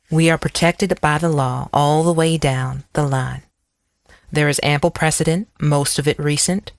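A narrator voicing a calm, smooth-talking man with a melodious, controlled voice who argues like a lawyer in an audiobook. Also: medium pitch, no room sound, clean studio sound, lightly acted.

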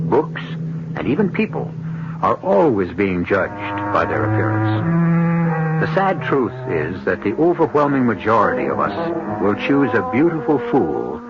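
An older man hosting a radio mystery drama, narrating in a measured, wry manner with dramatic pauses. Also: fairly low pitch, heavy background noise. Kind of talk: scripted narration. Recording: dull lo-fi old radio broadcast with music.

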